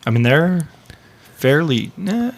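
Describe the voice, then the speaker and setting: A man's voice: fairly high pitch, big pitch swings, slow pace. A man co-hosting a podcast, chatting casually and chiming in with short reactions and jokes. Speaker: podcast co-host. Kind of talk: casual chat.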